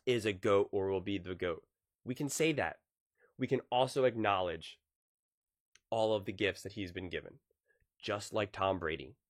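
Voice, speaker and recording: A man's voice: fairly low pitch, no room sound, studio quality. A man giving a sports opinion monologue, arguing with rhetorical questions and rising to emphatic peaks.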